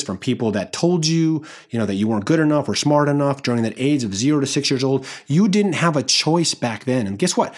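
Man, 30s, podcast host: husky, earnest, encouraging, casual motivational monologue. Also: mid-range voice. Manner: earnest, encouraging, with frequent restarts. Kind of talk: solo motivational podcast talk.

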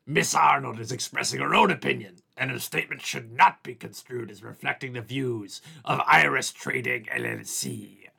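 A man's voice: mid-range voice, big pitch swings, normal speed, vocal fry, hardly any pauses, pushed and bright, husky, heavily acted. A man reading as a half-hearted pirate. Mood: mock-solemn. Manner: plain reading with a pirate growl at the ends.

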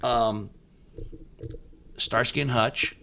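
Middle-aged guy hosting a podcast, gravelly and bright, voice jumps around a lot when he gets going. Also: drawn-out words, a little hiss or hum. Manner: storytelling, breaks into excited high-pitched yelps when quoting. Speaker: podcast host. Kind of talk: casual podcast chat.

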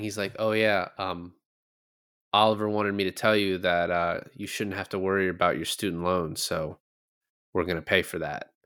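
A young man talks through a film on his podcast, wandering through his points with plenty of ums and restarts. His voice sits low and sounds close and dry, with no room around it. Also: sharp tone, dry recording. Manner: rambling, many fillers and restarts. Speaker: podcast co-host. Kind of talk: casual movie discussion.

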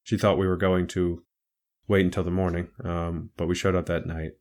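A man's voice: low-pitched, little pitch movement, normal speed, darkish tone. A man recalling events plainly and a little hesitantly. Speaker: interviewee, brother. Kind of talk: casual recollection.

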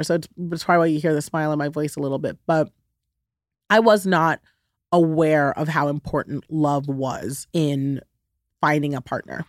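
A woman's voice: sits low, steady tone, moderate pace, dry recording. Chatty woman host, dry sound. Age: 30s. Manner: chatty, frank, full of fillers like "like" and "you know". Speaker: podcast host. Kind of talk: casual personal chat.

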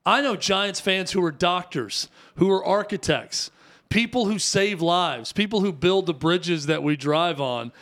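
Male co-host, slightly high voice, casual amused sports chat. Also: measured pace, fairly bright tone. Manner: chatty, amused, explains context. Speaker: radio co-host.

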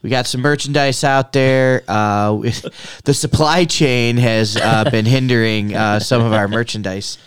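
A podcast co-host runs through the closing plugs in a loose way, filled with "uh"s. His voice is smooth and somewhat low. The sound is dry and close. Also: steady tone, a little slow, hardly any pauses, no room sound. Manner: loose, filler-heavy delivery. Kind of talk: casual podcast sign-off.

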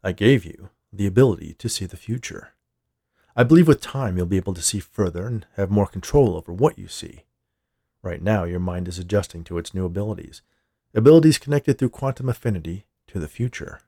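A man's voice: low-pitched, expressive, fairly quick, warm tone, dry recording, clean studio sound. A man doing a smug, menacing company boss. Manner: smooth and condescending.

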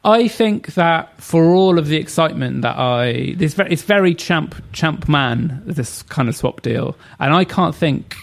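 A man's voice: on the high side, animated, measured pace, vocal fry, few pauses. A man as a podcast guest, rambling and thinking aloud about football. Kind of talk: casual football chat.

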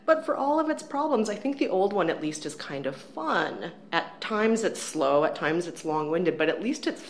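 A woman's voice: fairly low pitch, expressive, normal speed. A woman co-hosting a movie podcast, reviewing films in casual chat with a wry, sarcastic, enthusiastic manner. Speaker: podcast co-host, film critic. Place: empty office room.

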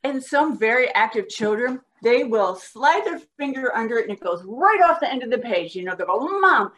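A woman guest on a podcast, patiently explaining how to teach a child to read, sounding out words slowly as she demonstrates. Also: on the high side, lively intonation. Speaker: guest reading educator. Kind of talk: instructional podcast talk.

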